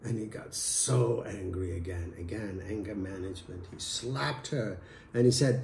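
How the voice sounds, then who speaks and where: A man telling a folk tale in a lively, animated way as the show's storyteller. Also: lowish voice, measured pace, vocal fry. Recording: echoey room.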